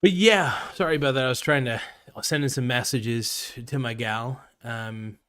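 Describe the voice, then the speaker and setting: A man's voice: medium pitch, moderate pace, fairly bright tone, smooth. A man hosting a podcast, ranting casually in a blunt, profane way and often cutting himself off mid-sentence. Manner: blunt, profane, self-interrupting. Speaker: podcast host.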